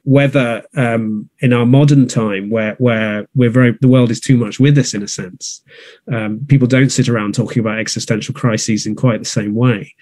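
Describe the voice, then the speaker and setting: A man's voice: mid-range voice, fairly even intonation, moderate pace, a little mellow, no room sound. A man, a theatre producer, talking in a thoughtful, conversational way with many restarts and fillers. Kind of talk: conversational interview. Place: north of England.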